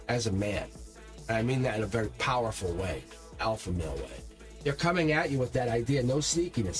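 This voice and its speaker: Speaking fairly quickly in a medium pitch, a man delivers a live tarot reading with energy and emphasis. He talks straight to his viewers while faint music plays behind him.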